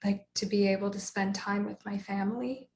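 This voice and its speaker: A woman plays a terminally ill mother of young children in a solo stage show, speaking in a pleading, emotional way. The voice stays mid-pitched, with a roomy echo around it. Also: fairly even intonation, brisk, gravelly, a little mellow, slight background noise, lightly acted.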